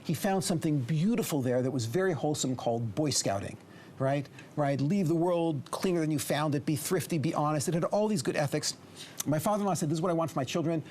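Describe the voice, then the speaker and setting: A middle-aged rabbi from the United States giving a storytelling lecture, acting out dialogue and at times dropping to a whisper. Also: male voice, a little high, fast, a little hiss or hum. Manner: lively storyteller who acts out dialogue and drops to a whisper.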